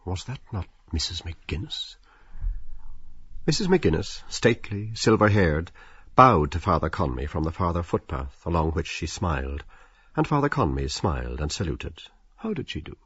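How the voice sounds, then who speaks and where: A man narrating a novel as an audiobook, expressive and slipping into the characters' inner voices. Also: sits low, moderate pace, breathy edge, no echo, muffled recording.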